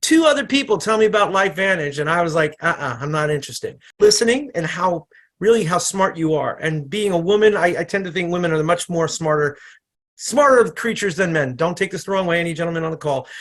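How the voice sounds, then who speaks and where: A man, a chiropractor, giving a casual, energetic product training on an online call, often repeating himself and restarting sentences. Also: sits high, brisk. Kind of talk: casual presentation on a video call. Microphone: computer microphone on an online call.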